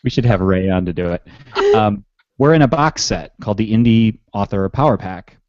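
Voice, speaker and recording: A man's voice: lowish voice, lively intonation, normal speed, darkish tone, dry recording, dull audio. Rambling, chuckling man podcast host. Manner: rambling, self-mocking, chuckling. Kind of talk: casual podcast chat.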